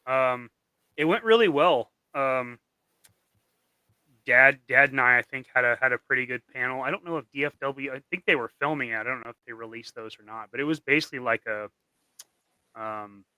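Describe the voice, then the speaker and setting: A man with a very bright, sharp-edged voice talks easily as a guest on a chat stream. He is laid-back and often restarts his sentences. The recording is dry and close. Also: medium pitch, brisk, clean tone, no room sound, rough recording. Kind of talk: casual chat.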